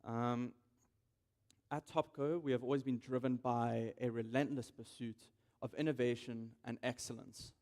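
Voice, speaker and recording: A man's voice: medium pitch, steady tone, a little slow, a little mellow. A young man giving a prepared welcome speech on a conference stage, hesitant, with frequent ums. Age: young adult. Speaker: event organizer giving welcome.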